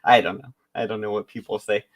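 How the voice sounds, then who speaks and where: A man's voice: fairly low pitch, steady tone, quick pace. A man hosting a stream, reacting to a clip with rambling, joking, casual commentary. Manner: rambling, joking, self-interrupting.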